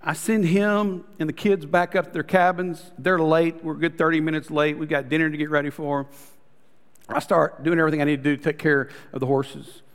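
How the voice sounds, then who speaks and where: A male pastor preaching a story-driven sermon, calling the congregation "guys" and dropping to soft, intimate tones. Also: fairly high pitch, level tone, a little fast, clear, resonant tone, long reverb tail.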